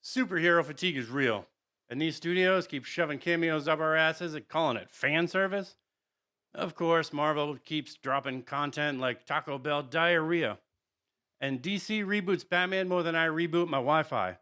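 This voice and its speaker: A man's voice: a little high, normal speed, pushed and bright. A man hosting a casual podcast, ranting sarcastically with lots of swearing. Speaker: podcast host.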